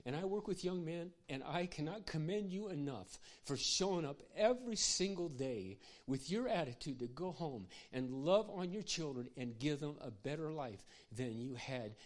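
An older man who is a pastor, preaching a sermon through personal stories. He speaks passionately and conversationally, with asides to his audience. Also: mid-range voice. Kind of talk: sermon storytelling.

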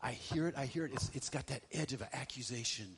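Repeating phrases for effect, a middle-aged pastor preaches with swings between loud stresses and hushed moments. His voice is medium-pitched, quick-paced, and slightly rough.

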